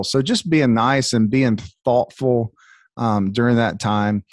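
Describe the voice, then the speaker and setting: A man's voice: medium pitch, slow pace, no room sound, clean studio sound. A man with a Southern US accent hosting a podcast, talking in a friendly, chatty way full of fillers. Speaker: podcast host and business leader. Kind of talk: casual podcast conversation.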